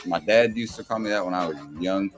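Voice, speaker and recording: A man chatting casually as a podcast co-host, in a relaxed and profane way that often drops low and quiet. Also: fairly quick, music in the background. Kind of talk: casual chat.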